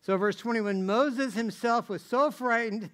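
A middle-aged man gives a sermon in a high, light voice. His delivery is chatty rather than formal, full of rhetorical questions and repeated restarts. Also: moderate pace, a bit bright. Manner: rhetorical, keeps asking "right?", restarts and repeats phrases. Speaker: preacher. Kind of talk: conversational sermon.

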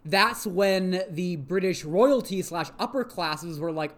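A podcast co-host recapping a TV episode in casual chat, animated and rambling, swearing freely. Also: medium pitch, slow, few pauses.

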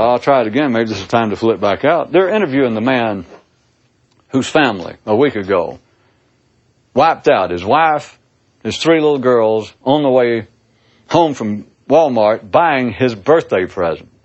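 At normal speed and in a sing-song, mid-range voice, a man muses philosophically in a casual monologue. The lo-fi recording sounds dull, and his delivery is sarcastic and theatrical, with swooping stresses.

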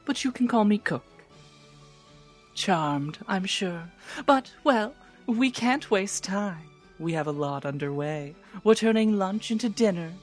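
A woman's voice: mid-range voice, lively intonation, measured pace, soft background music, voice pushed up. A woman voicing a bossy, cheerful half-elf cook with a musical, sing-song voice. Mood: welcoming.

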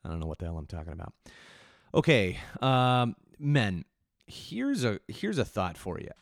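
A man's voice: lowish voice, very animated, normal speed, vocal fry, no room sound, clean studio sound. A man hosting a solo podcast, rambling and self-mocking, with restless restarts and sudden bursts of energy. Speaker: podcast host.

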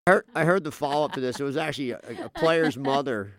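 A man's voice: mid-range voice, dry recording. A man hosting a podcast where he plays police scanner calls, talking casually, often stumbling and repeating words. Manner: halting, repeats words, mocks cops in quoted voices. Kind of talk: casual chat.

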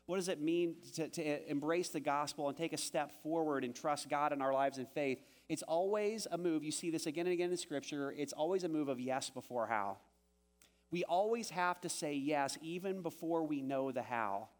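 A man with a high voice preaching a sermon to his congregation. He is animated and slips into the anxious voices of the people he quotes before returning to his own teaching tone. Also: normal speed. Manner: animated, acts out quoted voices with rising pitch. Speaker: pastor.

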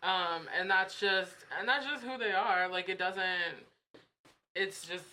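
A woman's voice: mid-range voice, unhurried, bright, forceful tone. A woman in casual podcast chat, talking hesitantly with lots of fillers and restarts.

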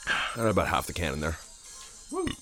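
A man co-hosting a podcast with a very low voice. He talks in a dry, matter-of-fact way through relaxed casual chat. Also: a little fast, soft background music. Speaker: podcast co-host.

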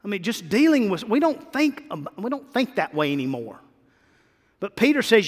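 High-voiced preacher man in a reverberant hall. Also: sing-song, moderate pace. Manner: preaching with rising, emphatic repetition. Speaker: pastor. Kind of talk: sermon.

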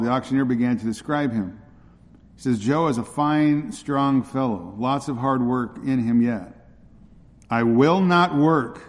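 Male preacher, earnest sermon, mellow dark tone, long church reverb. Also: mid-range voice. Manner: earnest, repeats himself with fillers.

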